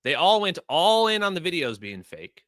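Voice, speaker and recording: A man's voice: a little high, big pitch swings, moderate pace, a bit bright, no room sound. A man hosting a livestream, delivering heated, emphatic commentary full of rhetorical questions. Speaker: livestream host.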